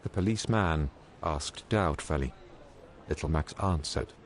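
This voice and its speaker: A man telling crude jokes as a narrator, in a deadpan storytelling manner with teasing rhetorical questions. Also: rumbling low, a little slow. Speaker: joke narrator. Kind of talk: scripted joke storytelling. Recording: noisy background hiss.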